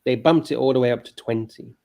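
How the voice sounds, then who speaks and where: Man, co-host, casual livestream chat, animated, ranting, mid-range voice. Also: mid-range voice, quick pace. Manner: animated, ranting, laughs easily.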